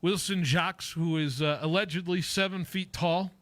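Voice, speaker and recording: A male sports radio host with a bright, fairly high voice, talking in a loose, rambling way full of fillers and restarts. He jokes with his co-host, and the dry studio sound keeps his voice close and clear. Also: fairly even intonation, normal speed, no echo. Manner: rambling, lots of fillers and self-corrections. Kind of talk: casual sports talk radio.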